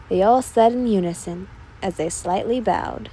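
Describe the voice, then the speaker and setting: A woman narrating a listener role-play story in a soft, unhurried manner. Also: medium pitch, noisy background.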